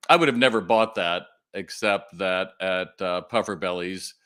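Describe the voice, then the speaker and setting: A middle-aged man from California hosting a live retail Q&A stream, talking in an animated way and often asking viewers to respond. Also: deep voice, smooth. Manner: animated, quick asides and audience calls to respond.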